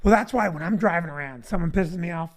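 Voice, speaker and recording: A man's voice: on the high side, fast talker. Wry rambling comedian man. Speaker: comedian host. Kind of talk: casual comedic chat.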